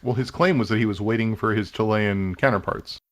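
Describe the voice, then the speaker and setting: A man's voice: fairly low pitch, fairly quick, noisy background. A man co-hosting a game playthrough, asking skeptical questions in casual chat. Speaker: let's play co-host. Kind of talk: casual let's play discussion.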